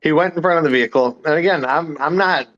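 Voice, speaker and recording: A man's voice: fairly high pitch, fast, a bit bright, muffled recording. A man in casual chat, arguing his point, swearing freely and chewing as he talks. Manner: talks while eating, swears freely, argumentative.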